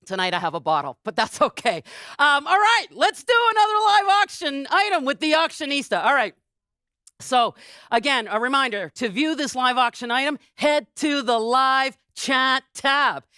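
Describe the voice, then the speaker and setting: A woman hosting a charity auction, giving an exuberant, booming fundraising pitch with playful asides. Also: expressive, normal speed, pushed and bright, no echo, clean studio sound. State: a little out of breath. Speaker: charity auctioneer and event host.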